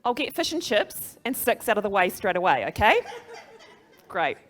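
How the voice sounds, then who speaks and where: A woman's voice: medium pitch, sing-song, fairly quick, a bit bright. A middle-aged woman with a New Zealand accent giving a chatty, upbeat live presentation to an audience and laughing at her own jokes. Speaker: conference speaker.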